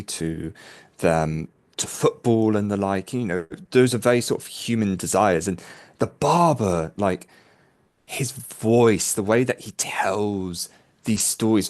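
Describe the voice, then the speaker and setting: A man co-hosting a fan podcast, chatting casually and reacting with surprise. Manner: unhurried, lively pitch, easily surprised. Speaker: podcast co-host.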